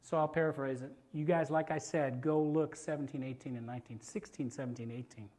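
A male preacher in a sermon, retelling a scripture story in an animated, conversational way. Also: on the high side, brisk.

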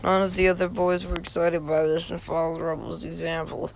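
A man reading a fan story aloud with dry sarcasm, tripping over phrases and mocking the text. His voice is gravelly and slightly high, with a faint hiss behind it. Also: completely flat delivery, a little fast. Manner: sardonic asides, stumbles over words. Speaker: reader. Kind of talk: comedic fan fiction reading.

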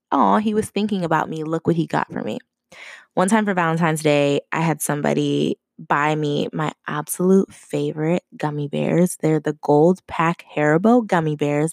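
Low gravelly-voiced young woman podcaster. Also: darkish tone, no room sound. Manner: chatty and conversational, laughs often. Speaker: podcast host. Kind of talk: casual solo podcast talk.

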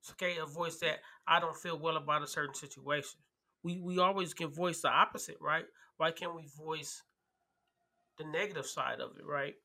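A man's voice: a little high, fairly even intonation, moderate pace, creaky, pushed and bright. A man on a casual podcast, emphatic and repeating key phrases, often checking in with "right?".

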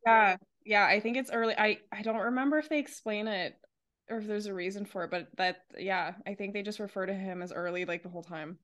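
A woman's voice: mid-range voice, steady tone, brisk, fairly bright tone. Thoughtful young woman in book chat. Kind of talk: casual book-podcast chat.

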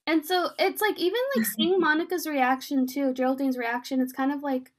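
High-voiced chatty woman. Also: moderate pace. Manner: animated, filler-heavy retelling with quoted lines. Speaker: podcast co-host. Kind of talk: casual chat recapping a TV episode.

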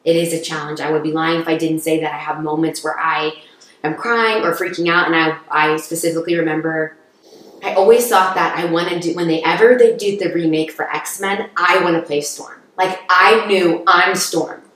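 A woman's voice: low-pitched, fairly even intonation, moderate pace, a bit bright. Earnest woman in an echoey room. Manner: earnest, encouraging, thoughtful. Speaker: guest, actress. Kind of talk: reflective podcast conversation.

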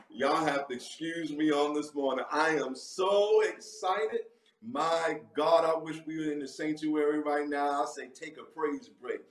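A man's voice: a little high, steady tone, unhurried. A man preaching a livestreamed sermon with fervent delivery, breaking into sudden whooping exclamations. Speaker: pastor. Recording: echoey room, mic at a distance.

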